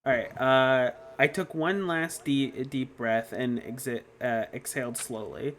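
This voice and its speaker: A man's voice: mid-range voice, measured pace, fairly bright tone, slight background noise. A man streaming a game, narrating the story and reading chat aloud, stumbling over words now and then. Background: game music.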